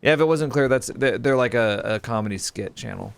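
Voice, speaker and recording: A man playing a horror game and rambling through a story in casual let's-play commentary, with quick exclamations. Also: medium pitch, gravelly, smooth. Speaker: gaming YouTuber.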